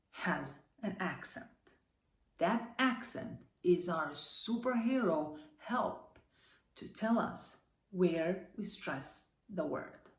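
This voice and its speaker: Slow, gravelly-voiced woman teaching Greek. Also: on the low side, reverberant. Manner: upbeat, encouraging, slow careful pronunciation. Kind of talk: online language lesson.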